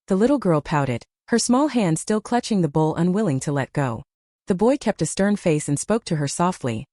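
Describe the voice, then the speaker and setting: A woman narrating a translated novel as an audiobook, in a steady storytelling delivery. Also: lowish voice, moderate pace, no echo, studio quality.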